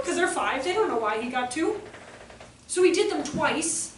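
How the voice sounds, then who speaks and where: High-voiced woman telling classroom stories. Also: normal speed. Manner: animated, acts out children's voices with laughter. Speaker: educator giving a talk. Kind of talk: storytelling presentation to an audience. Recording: echoey room, far from the mic, faint noise.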